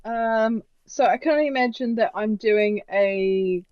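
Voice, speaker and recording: A woman playing a tabletop game, describing her horse character quickly and animatedly, with sound effects. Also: fairly high pitch, no room sound, highs cut off. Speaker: player.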